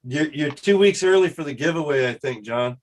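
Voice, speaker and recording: Male host, casual chat, fairly high voice, easygoing. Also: expressive, fairly quick.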